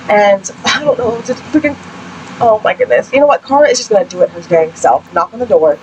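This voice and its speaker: Excitable young woman narrating a game. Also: mid-range voice, fairly quick, dull audio, a little hiss or hum. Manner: excitable, chatty, exclaims often. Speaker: gaming channel host. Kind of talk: casual let's-play commentary. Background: game music.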